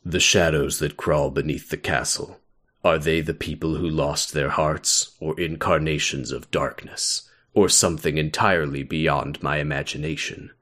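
A man putting on the voice of a grave male scholar-king, reading his research report slowly and solemnly. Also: very deep voice, fairly even intonation, a bit bright, pitched below the performer's own voice. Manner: slow, solemn, deliberate reading.

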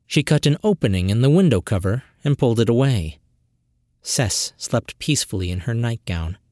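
A professional narrator reading a fantasy short story in a measured, expressive storytelling manner. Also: mid-range voice, dry recording, studio quality. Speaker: audiobook narrator.

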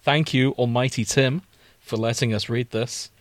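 A man's voice: medium pitch, fairly even intonation, normal speed, no echo. A male podcast co-host chatting casually with wry, dry humor.

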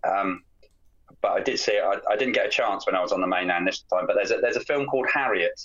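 A man with a low voice co-hosting a casual film chat. He rambles, repeats words and leans on fillers. The sound is dull and muffled. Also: fast talker, fairly bright tone. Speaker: podcast co-host.

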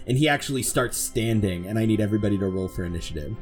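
A man's voice: on the low side, steady tone, fast talker, few pauses, breathy edge, soft background music. A man narrating as game master in a tabletop game, with a loose, filler-heavy style.

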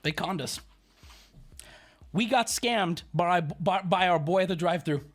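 A man's voice: high voice, unhurried. A man livestreaming, telling a story as a profane, sarcastic rant. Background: faint background music.

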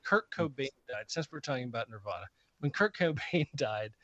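A man's voice: medium pitch, lively intonation, normal speed, fairly bright tone, no echo. A man in his fifties, a podcast co-host, telling stories in a blunt, profane way. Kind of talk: casual chat, storytelling. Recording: slightly muffled podcast audio.

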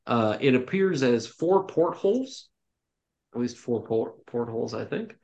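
A man running a tabletop game as dungeon master, narrating in a loose, relaxed way full of ums and restarts. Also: mid-range voice, measured pace, lo-fi sound. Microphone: home microphone on an online call.

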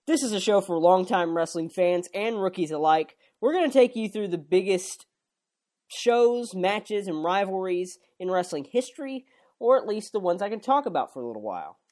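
A man's voice: sits high, lively intonation, moderate pace, a little mellow. A man hosting a casual podcast chat, joking and swearing now and then. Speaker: podcast host.

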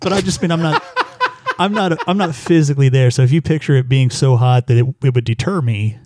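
A man's voice: a little high, a little fast, heavy background noise. A man playing a tabletop role-playing game, talking casually and hesitantly. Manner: hesitant, lots of fillers. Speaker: player.

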